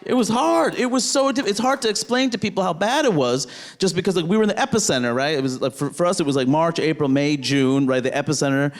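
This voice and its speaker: A man's voice: a little high, fast talker. A man performing a stand-up set in a rambling way, tagging lines with "right?" and bursting into outrage, on a handheld stage mic. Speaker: stand-up comedian. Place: comedy stage with audience.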